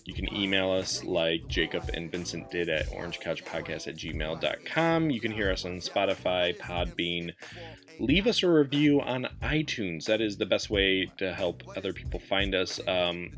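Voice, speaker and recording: A man hosting a casual podcast chat with a fairly low, bright voice. He is chatty and upbeat and laughs easily with his co-hosts. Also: lively intonation, normal speed, faint music behind. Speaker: podcast co-host.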